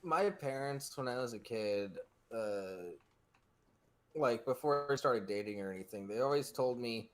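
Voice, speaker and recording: Guy on a podcast, mid-pitch, keeps stumbling and restarting his sentences. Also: lively intonation, unhurried. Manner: hesitant, stammering restarts. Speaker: podcast co-host. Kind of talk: crude comedic banter.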